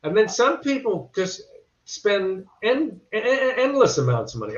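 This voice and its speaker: A man's voice: high-pitched, big pitch swings, a little slow. A male actor, a podcast guest, telling casual anecdotes with wry punchlines. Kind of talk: casual storytelling. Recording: echoey, dull lo-fi remote audio.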